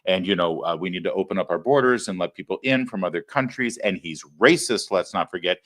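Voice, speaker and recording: A man's voice: low voice, fairly quick. A man hosting a live political commentary show, talking in a sarcastic, mocking way. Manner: sarcastic, mocking, animated delivery. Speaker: host.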